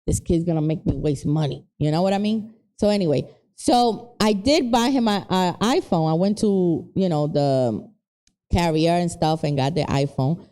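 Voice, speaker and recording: A middle-aged woman with a New York accent, co-hosting a casual chat and telling stories in an animated way, with Spanish exclamations mixed in. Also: fairly low pitch, normal speed. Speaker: podcast co-host.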